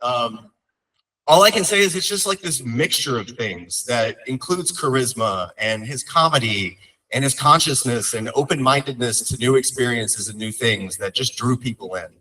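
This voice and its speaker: A man's voice: medium pitch, expressive, moderate pace, pushed and bright, far from the mic, low-quality recording. A young man speaking as a son at his father's memorial, telling heartfelt stories with light humor. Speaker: son giving a eulogy. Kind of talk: memorial eulogy storytelling.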